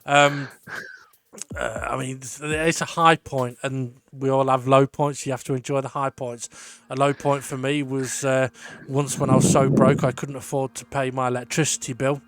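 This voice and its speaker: A man hosting a sim racing league show, calling the results and trading jokes with a co-host, excitable and full of fillers. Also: mid-range voice, moderate pace. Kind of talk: casual race commentary and banter.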